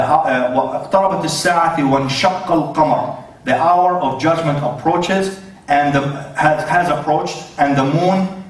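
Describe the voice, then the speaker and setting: A man's voice: a little high, far from the mic. A man giving a debate presentation, hesitant, with many fillers and self-corrections. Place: debate hall. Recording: very echoey hall, voice away from the mic.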